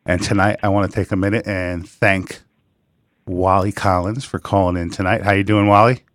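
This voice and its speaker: A man in his forties hosting a radio comedy interview show, talking casually in a flat, monotone way. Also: low voice, normal speed, no echo, clean studio sound. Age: 40s.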